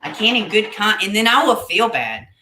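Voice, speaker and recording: A woman's voice: mid-range voice, sing-song, normal speed, bright, forceful tone, roomy sound, a little hiss or hum. A woman hosting a casual livestream, chatting with viewers, reading their comments aloud and laughing often. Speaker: livestream host reading chat.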